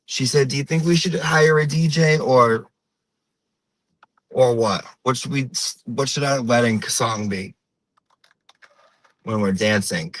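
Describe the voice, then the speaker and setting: A man plays a chatty, gossipy middle-aged Portuguese-American mom on her morning drive in a comedic character monologue, rambling and drawing things out. His medium-pitched voice is fairly bright, and the audio is poor.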